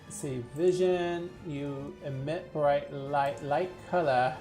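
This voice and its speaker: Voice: medium pitch, takes it slowly, dark tone, soft background music. Laughing tabletop game master. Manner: laughs through vivid descriptions. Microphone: headset or desk mic in an online stream.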